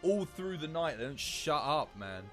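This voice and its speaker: Young male streamer, casual chatty gameplay banter, expressive swooping voice. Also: on the high side, normal speed, loud music behind the voice. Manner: animated, chatty, laughs often. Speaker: game streamer. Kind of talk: live gameplay streaming chat.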